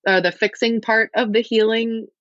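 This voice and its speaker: A woman's voice: a little high, fairly even intonation, moderate pace, fairly bright tone, dry recording, lo-fi sound. A woman talking as a podcast guest, frank and rambling with wry self-deprecating asides. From United States. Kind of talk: candid conversational interview.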